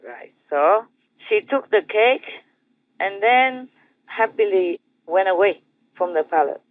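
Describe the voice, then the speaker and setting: A man with an Indonesian accent, a spiritual master telling a teaching story in a gentle, repetitive way with soft chuckles. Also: sits high, expressive, takes it slowly, dry recording. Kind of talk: storytelling dharma talk. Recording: tinny phone-like dry sound.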